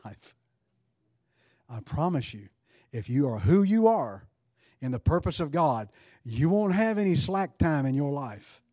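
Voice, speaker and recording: A man's voice: medium pitch, slightly rough, no echo. A male pastor preaching a sermon, asking rhetorical questions and leading altar prayer. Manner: rises to fervent, louder prayer.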